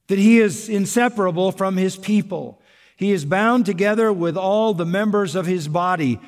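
Male preacher, slightly high pitch, emphatic sermon delivery, long hall reverb. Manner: emphatic, repeats key words, rising to stress points.

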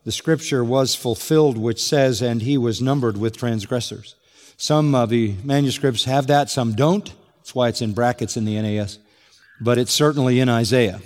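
A man's voice: medium pitch, a little mellow, big-room sound. A man preaching an expository sermon, emphatic and building to exclamation on key points. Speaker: pastor.

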